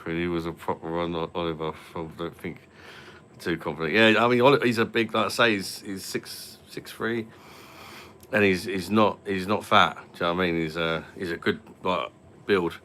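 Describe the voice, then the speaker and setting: Very deep-voiced man, forceful. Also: a little hiss or hum. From London. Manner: rambling, chatty, full of fillers and repeats. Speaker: live-stream host. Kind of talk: casual live-stream chat.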